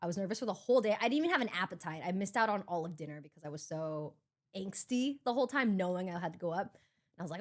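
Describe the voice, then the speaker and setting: A young woman streamer casually recounting a story, acting out her own and others' lines in lively quoted voices. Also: mid-range voice, moderate pace. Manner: animated, quoting herself in lively voices.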